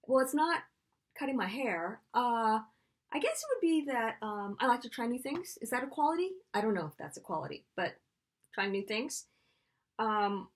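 A woman's voice: a little high, slightly rough. A middle-aged woman author answering a list of questions in a chatty, playful, self-deprecating way. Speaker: children's author. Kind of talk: casual spontaneous Q&A video.

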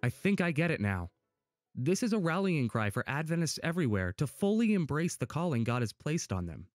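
Friendly, curious male co-presenter, a little high, animated, faint music. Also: brisk, no echo, studio quality. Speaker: promo co-presenter. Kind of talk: scripted explainer dialogue.

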